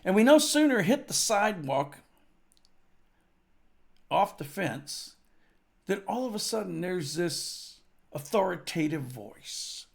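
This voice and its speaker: A man's voice: sits high, sing-song, takes it slowly, vocal fry, long pauses. A grieving man telling a casual, profane anecdote at a tribute, full of fillers and asides. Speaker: storyteller at a tribute. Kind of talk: rambling spoken anecdote.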